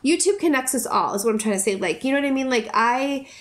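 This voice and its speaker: A woman's voice: high-pitched, expressive, quick pace. Gushing, effusive woman vlogger. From United States. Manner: gushing, effusive, repeats herself; soft, rambling with many fillers. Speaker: YouTuber opening viewer mail. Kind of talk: casual vlog chat.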